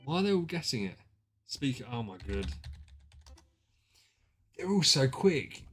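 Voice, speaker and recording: A British man streaming a drawing game, chatting casually with friends and reacting loudly to their guesses. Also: mid-range voice, measured pace, husky. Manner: excitable, banter-heavy and sweary, reacting to guesses. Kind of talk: casual gaming stream chat.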